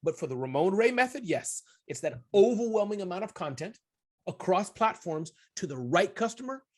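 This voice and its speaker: A man being interviewed as an entrepreneur, talking in an animated way, often addressing the host by name and acting out little scenes. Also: high-pitched, moderate pace. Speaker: guest entrepreneur. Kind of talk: conversational summit interview.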